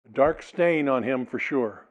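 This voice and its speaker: A man's voice: mid-range voice, expressive, a little slow, muffled recording. A male pastor preaching a sermon, reading a passage aloud and explaining it, sometimes acting out the people in it. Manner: expository preaching, reads scripture then explains it, dramatizes quotes.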